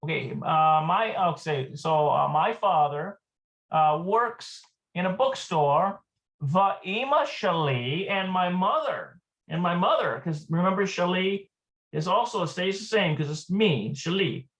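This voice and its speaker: A man with a fairly high voice and a gravelly edge of vocal fry walks through a language lesson in a relaxed, unscripted way. He thinks aloud and pauses to search for words. He repeats each word slowly as he teaches. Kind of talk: casual lesson walkthrough.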